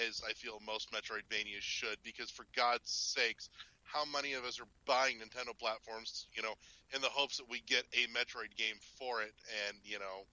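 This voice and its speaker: Wisecracking man with a bright, sharp voice. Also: medium pitch, no echo, dull audio. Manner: dry, wisecracking, swears casually. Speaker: podcast co-host. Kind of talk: casual podcast chat.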